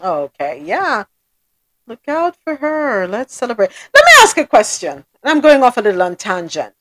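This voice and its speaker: A woman's voice: fairly high pitch, moderate pace, dry recording. A woman hosting a podcast, reading news items and chatting casually with a co-host. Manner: animated, rises sharply when questioning. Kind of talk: casual news recap and chat.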